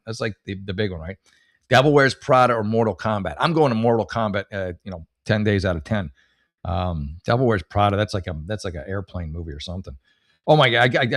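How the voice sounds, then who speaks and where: In a lowish, fairly bright voice, a middle-aged comedy podcast host delivers a casual monologue. His stories ramble, with plenty of swearing and many restarts.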